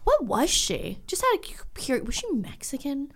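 A young woman from New York co-hosting a podcast, an animated storyteller who quotes people in voices. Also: high-pitched, moderate pace. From New York, USA. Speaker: podcast co-host. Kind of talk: casual chat.

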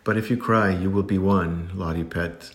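A deep-voiced man voicing a kind young girl heroine who speaks in a steady, gentle but firm way, in an echoey room. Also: normal speed. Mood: soothing.

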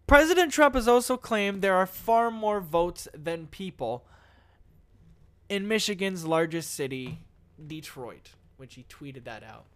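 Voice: mid-range voice, lively intonation, measured pace, dry recording. An online commentator reads a news article aloud, breaking off for blunt, profane asides. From United States. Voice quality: swearing, laughs at own jokes, easily loses composure.

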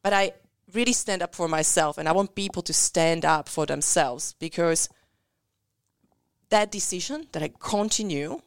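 A woman's voice: fairly low pitch, normal speed, smooth, dry recording, clean studio sound. A woman in her thirties with a Central European accent, a business coach telling her story earnestly in an interview and acting out what people said. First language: Central European language. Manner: earnest storytelling with acted-out quotes.

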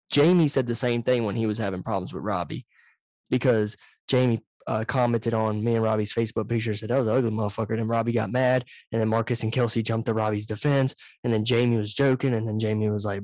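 A man hosts a casual podcast over a video call, telling stories in an animated, profane way. His mic sits right up against him, so he comes through loud and close. The sound is dry. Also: mid-range voice, no room sound. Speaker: podcast host. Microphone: too close to the microphone, loud.

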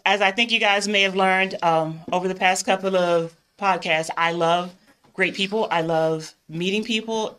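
A woman's voice: on the low side, fairly bright tone. A woman with a Southern US accent, hosting a podcast, chatting in an upbeat way and laughing often. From northern United States. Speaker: podcast host. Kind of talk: casual podcast interview.

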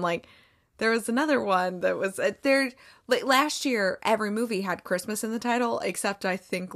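A woman's voice: mid-range voice, fairly bright tone. Chatty rambling woman reviewing movies. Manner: chatty, rambling, sarcastic, many fillers. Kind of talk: casual chat.

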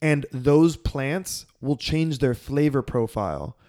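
A man's voice: mid-range voice, animated, slow pace, warm tone. A man co-hosting a podcast in casual chat, enthusiastic and swearing often. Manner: enthusiastic, frequent swearing and laughs. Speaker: podcast co-host.

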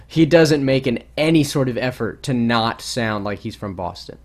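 A man co-hosting a podcast in casual chat, rambling and animated with many restarts. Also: medium pitch, normal speed. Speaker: podcast co-host.

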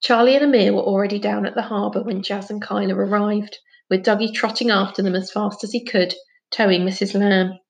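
A woman reading a children's book aloud with clear, gentle storytelling. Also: medium pitch, fairly even intonation, brisk. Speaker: story reader.

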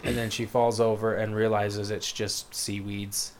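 A man chats casually and rambles through a retelling, full of fillers and quick quoted lines. His voice sits low and barely moves in pitch. A faint hiss of room noise stays under him. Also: little pitch movement. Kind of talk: casual chat, retelling a book plot.

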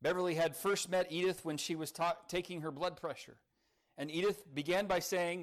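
A male pastor preaching a sermon, telling a story earnestly with dramatic pauses. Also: sits high, fairly even intonation.

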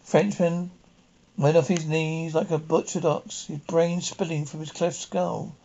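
A man reading a short story aloud with dramatic pauses. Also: fairly high pitch, flat delivery, vocal fry, mellow, highs cut off. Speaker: audiobook reader. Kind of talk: storybook narration.

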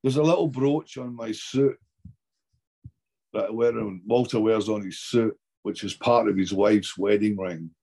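A man's voice: on the low side, a little slow, creaky, warm tone, breathy edge. A Scottish man chatting as an actor guest in an interview, rambling and often restarting his sentences. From Scotland. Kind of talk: casual interview chat.

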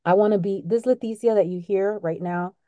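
A woman's voice: medium pitch, fairly quick, mellow, no echo, highs cut off. A middle-aged woman co-hosting a podcast, talking openly and emotionally in a casual chat, laughing often. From Latino family background. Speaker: podcast co-host. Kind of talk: casual heartfelt conversation.

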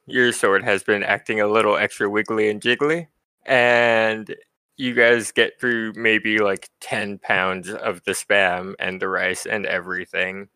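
A man runs a tabletop game for friends, his voice bright and forward. He narrates in a playful, teasing way and laughs easily. The sound is dry and close, with no room around it. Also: lowish voice, flat delivery, unhurried, smooth, dry recording. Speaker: game master.

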